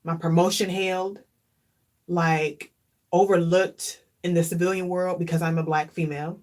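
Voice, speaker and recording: A woman vlogger speaks in a casual, heartfelt way, her voice sitting a little low. She turns reflective and openly emotional, often repeating a phrase to drive it home. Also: level tone, unhurried, darkish tone. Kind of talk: casual chat.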